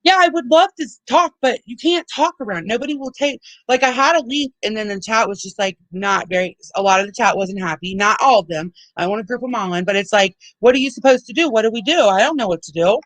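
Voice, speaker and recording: A woman's voice: a little high, expressive, quick pace, hardly any pauses, dry recording, low-quality recording. A woman hosting a livestream, ranting heatedly with lots of swearing and repeated restarts. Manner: heated, profane, repeats herself. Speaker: livestream host. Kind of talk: angry livestream rant.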